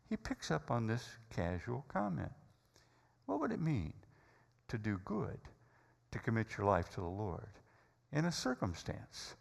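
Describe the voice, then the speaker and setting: A man's voice: on the low side, creaky, long reverb tail. A man preaching a sermon, telling a story dramatically with hesitant fillers.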